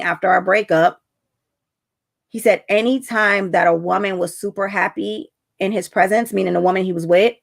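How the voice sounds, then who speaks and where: Gravelly-voiced woman telling a story. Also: mid-range voice. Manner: chatty storytelling, acts out quotes. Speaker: relationship coach. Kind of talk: casual talk to camera.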